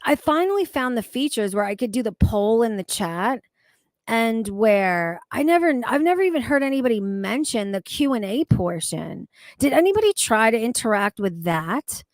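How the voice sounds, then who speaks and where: A woman chatting casually on a livestream, animated and swearing freely as she rants. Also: a little high, moderate pace, no echo. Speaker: streamer.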